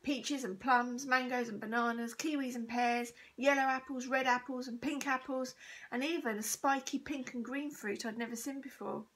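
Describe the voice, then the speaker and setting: A woman teacher reading a children's chapter book aloud, steady and expressive. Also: high-pitched, normal speed, slight background noise, rough recording. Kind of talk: storybook read-aloud.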